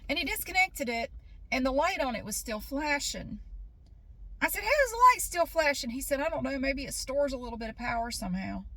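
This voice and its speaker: A woman's voice: high voice, animated, brisk, bright, forceful tone, dry recording. A middle-aged woman chatting casually in a rambling vlog, often laughing as she talks. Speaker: vlogger.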